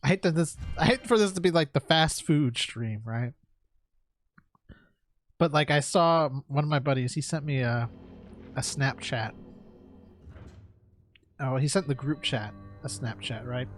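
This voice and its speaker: A man's voice: medium pitch, measured pace, pauses often, faint music behind. A man from New York chatting casually while streaming, rambling with lots of "like" and "right?" and frequent laughs.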